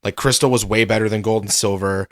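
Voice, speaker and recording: A man in a casual chat, keen and quick with game facts. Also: fairly low pitch, fairly even intonation, no echo, studio quality. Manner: enthusiastic gamer, quick with facts.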